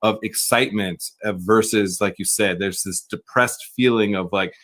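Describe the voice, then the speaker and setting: A man hosting a podcast interview, talking in an energetic, emphatic way and repeating key words. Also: fairly low pitch, normal speed. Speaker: podcast host.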